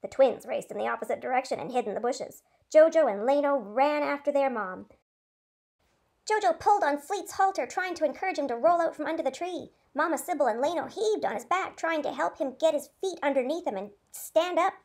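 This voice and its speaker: High-pitched female teacher narrating a storybook with lively expression. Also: a little fast, gravelly. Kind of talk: reading a story aloud.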